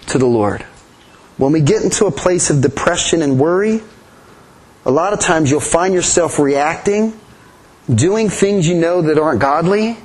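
A man's voice: a little high, rough recording. A man preaching a sermon in an earnest way, often repeating his key phrases. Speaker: pastor.

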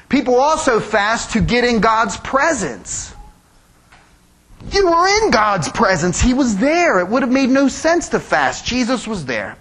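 A man preaching a sermon as pastor, animated, acting out quoted voices and making joking asides. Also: extremely high pitch.

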